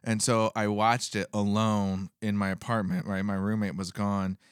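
A man's voice: on the low side, level tone, moderate pace, clean tone, dry recording, studio quality. A male comedian chatting casually on a podcast, rambling with many fillers and swearing freely.

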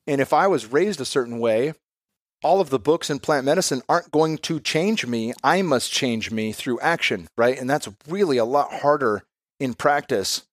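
A man's voice: medium pitch, lively intonation, moderate pace, dry recording, clean studio sound. A man in his thirties, a podcast guest and father, talking in a candid, reflective way and swearing casually.

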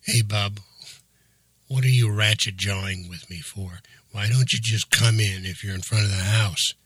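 A man voicing a wisecracking young male radio hobbyist in a story, with a teasing, quick-comeback manner. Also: on the low side, fairly even intonation, a bit bright, husky.

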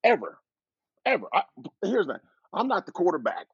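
A former pro football player telling a lively anecdote as a guest, with a dull, dry lo-fi recording. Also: male voice, sits high, normal speed, breathy edge, no room sound. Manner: animated, laughing storyteller. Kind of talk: storytelling.

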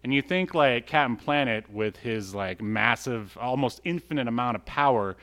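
A man co-hosts a podcast, chatting casually about a cartoon and thinking aloud with plenty of fillers. His voice is mid-range and a bit bright, and he talks at a normal speed.

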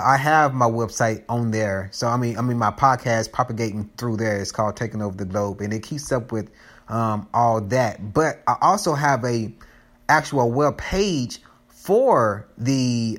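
A man hosting a casual podcast, talking loosely and joking with his listeners. He drifts from point to point and restarts his sentences often, at an ordinary middle pitch. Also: unhurried, a bit bright. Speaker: podcast host. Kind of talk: casual chat.

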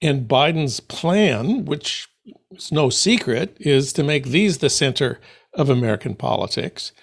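Gravelly man hosting a political chat. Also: medium pitch, expressive, unhurried. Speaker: host. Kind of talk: casual political discussion.

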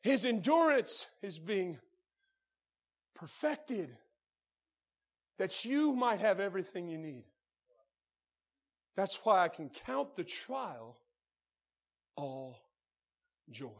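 High-voiced man preaching a sermon. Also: very animated, slow pace, pauses often. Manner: swings from soft low passages to shouted high preaching; calls out to the congregation. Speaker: pastor.

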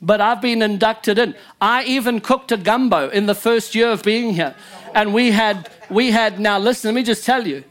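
A man's voice: high voice, moderate pace, a bit bright. A male pastor preaching a sermon in church, emphatic and joking with his congregation.

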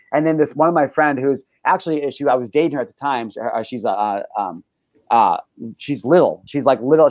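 A young male talk show host tells his stories in a casual, profane rush, stumbling through fillers and restarts. His voice sits at an ordinary middle pitch. The sound is dry and close, with no room echo. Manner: profane, animated storytelling with frequent fillers.

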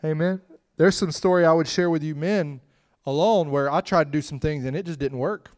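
Preaching with a story-driven, chatty delivery, this middle-aged man has a fairly high voice and a fairly quick pace. His volume jumps from loud outbursts to quiet comments, broken up by laughing asides.

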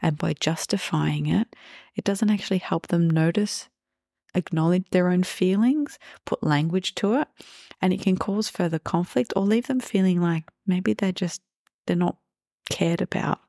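A woman parenting coach giving calm, reassuring podcast advice and acting out example phrases for parents. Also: on the low side, normal speed, vocal fry, dry recording.

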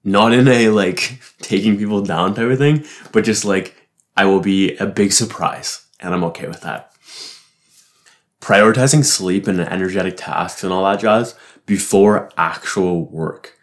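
Young male barista, deep low voice, loose profane rambling monologue with self-amused laughs. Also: measured pace. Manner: profane, rambling, frequent "like" fillers, laughs to himself. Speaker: barista reflecting on his week. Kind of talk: casual solo reflection.

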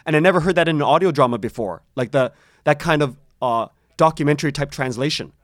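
Male guest, slightly high pitch, rambling storyteller, dry room, restarts a lot. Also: fast talker, no echo. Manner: rambling, many restarts, laughs often. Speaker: podcast creator, interview guest. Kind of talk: casual conversational interview.

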